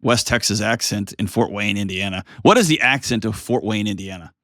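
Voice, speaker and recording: A man's voice: on the low side, a little fast, a bit bright, no room sound, studio quality. A middle-aged man hosting a call-in advice show, talking bluntly and animatedly with jokes, with a faint music bed behind him. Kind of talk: casual advice talk and ad reads.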